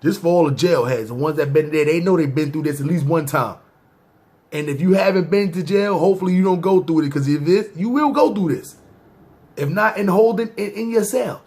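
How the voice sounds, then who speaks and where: A man's voice: sits high, moderate pace, darkish tone. A man hosting a podcast, telling stories in loose casual slang and talking straight to his listeners. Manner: loose slang-heavy talk, often addressing listeners as "y'all"; acts out scenes in asides and mock voices. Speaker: podcast host. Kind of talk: casual street storytelling to viewers.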